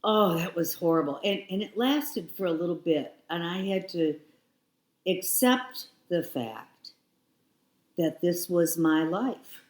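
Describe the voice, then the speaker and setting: A woman's voice: fairly low pitch, expressive, slow, reverberant. A woman in her sixties, a guest telling her own story frankly and reflectively, sometimes repeating herself. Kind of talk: candid personal storytelling.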